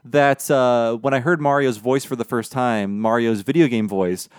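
A man hosting a podcast in relaxed, chatty conversation, laughing often. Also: mid-range voice, normal speed, smooth, dry recording, clean studio sound. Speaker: podcast host. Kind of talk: casual podcast chat.

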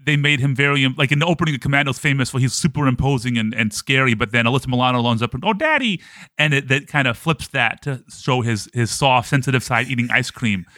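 A man's voice: mid-range voice, fairly even intonation, fast, few pauses, bright, forceful tone, dry recording. A man co-hosting a casual movie podcast, chatty and stumbling over his words, often laughing. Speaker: podcast co-host.

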